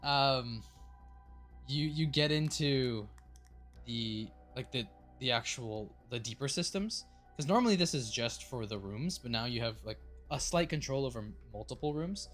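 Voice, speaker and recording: A man's voice: medium pitch, animated, measured pace, a bit bright, faint music behind. A man running a tabletop game, narrating loosely with lots of fillers and casual swearing. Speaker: game master.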